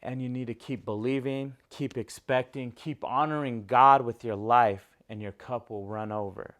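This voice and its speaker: A man's voice: medium pitch, steady tone, normal speed, a bit bright. A man preaching a sermon as a pastor, emphatic and repetitive, putting questions to his listeners.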